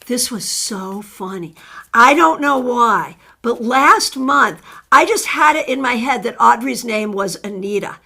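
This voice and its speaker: A middle-aged woman hosting a live tarot reading talks warmly, calling out viewers by name while she reads their cards. Her high voice has a creaky, slightly rough texture.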